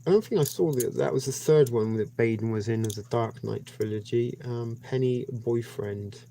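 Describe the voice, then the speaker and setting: A man's voice: mid-range voice, normal speed, creaky, mellow. A man hosting a livestream, rambling casually with many hesitations. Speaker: livestream host.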